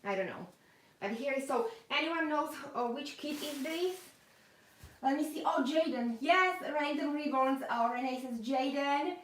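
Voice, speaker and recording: A woman's voice: sits high, lively intonation, unhurried, a little hiss or hum. Chatty woman reading live comments, echoey room. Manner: chatty, reads viewer comments aloud, many fillers. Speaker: doll collector hosting a live stream. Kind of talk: casual live-stream unboxing chat.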